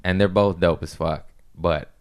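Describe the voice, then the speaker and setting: Smooth low-voiced man telling stories. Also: unhurried. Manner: loose storytelling, swearing, lively impressions in quotes. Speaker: comedian podcast host. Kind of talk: casual chat.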